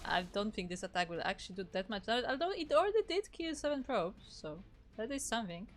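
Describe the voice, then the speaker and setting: A woman whose first language is Polish, casting a live game in a relaxed, explanatory way. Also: on the high side, fast, soft background music. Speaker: esports caster.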